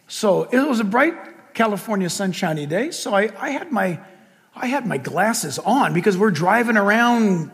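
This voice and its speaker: An older man preaching a sermon as pastor, telling stories in an animated, humorous way. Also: high voice, creaky, big-room sound.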